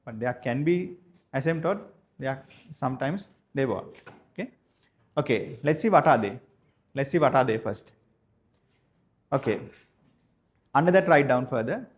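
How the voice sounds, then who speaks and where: A man from Sri Lanka, teaching a maths class slowly and repeating each phrase so students can write it down. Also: medium pitch, animated. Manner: slow, repeats each phrase for note-taking, spells words out. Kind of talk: dictated classroom lesson.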